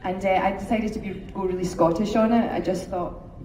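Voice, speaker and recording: A British woman tells a set story, self-deprecating and full of restarts. Her voice rings around a large, echoey convention hall with clear noise behind. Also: mid-range voice, steady tone, fairly quick, mellow, far from the mic. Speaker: actress panel guest. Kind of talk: convention panel anecdote.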